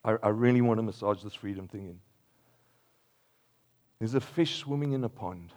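This older Australian pastor's sermon bounces through playful hypothetical examples with lively energy, then drops to a quiet, earnest close. His voice sits on the low side at normal speed.

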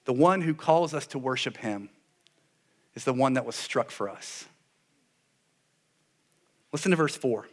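A man preaching a sermon in an animated way, with sarcastic asides, dropping his voice low for solemn points. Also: a little slow, long pauses. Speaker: pastor.

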